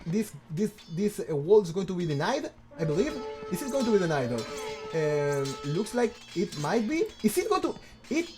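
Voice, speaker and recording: A man casting a strategy game, excitable and stammering, firing off rhetorical questions. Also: sits high, normal speed, faint music behind. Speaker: game commentator. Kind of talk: casual game commentary.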